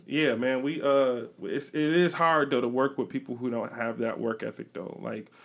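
A man's voice: medium pitch, steady tone, moderate pace, creaky. A young man co-hosting a casual podcast. He talks loosely in everyday speech and flares into heated, profane teasing of his friend. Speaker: podcast co-host. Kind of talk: casual chat.

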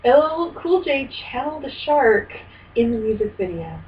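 Woman, podcast co-host reading trivia, wry and dry delivery, higher voice, dull distant recording. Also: sing-song, moderate pace. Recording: distant, dull lo-fi mic, faint hiss.

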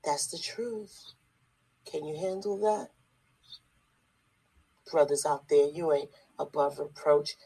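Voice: medium pitch, slow pace, long pauses, mellow, breathy edge, poor audio. An online preacher giving a blunt, scolding sermon to the camera, hammering points home with repetition and rhetorical questions. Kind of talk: preaching video.

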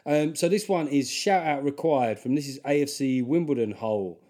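A man's voice: mid-range voice, moderate pace, a little mellow. Jokey South London man host. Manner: rambling, self-deprecating, jokey. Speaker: podcast host. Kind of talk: casual monologue.

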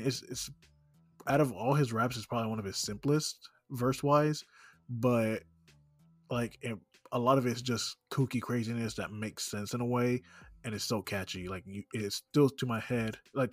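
Male podcast host, mid-range voice, relaxed chatty delivery full of ums, dry mic. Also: mid-range voice, moderate pace, dry recording, faint music behind. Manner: easygoing, laughs often, many ums. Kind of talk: casual chat.

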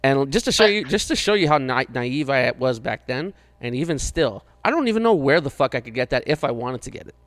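A man co-hosting a podcast, telling a story in a rushed, animated way during casual banter. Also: medium pitch, dry recording. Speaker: podcast co-host.

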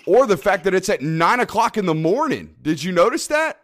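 A man co-hosting a podcast in casual chat, rambling and excitable, often laughing. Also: high voice, brisk, no echo, clean studio sound. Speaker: podcast co-host.

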